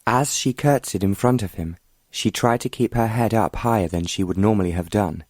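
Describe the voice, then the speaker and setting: A man narrates an audiobook in a steady, even storytelling style. His pitch is fairly low and his pace moderate. The recording is clean studio sound with no echo.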